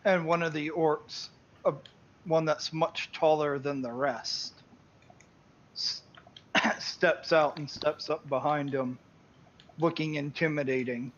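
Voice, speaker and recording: A man narrating and running a tabletop game in a casual, lively way. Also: fairly high pitch, takes it slowly, pauses often, highs cut off. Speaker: game master.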